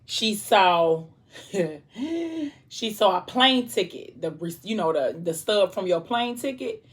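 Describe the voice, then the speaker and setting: A young adult woman vlogger casually retelling a story while eating, animated and chatty, with asides to her viewers. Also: medium pitch, takes it slowly, breathy edge.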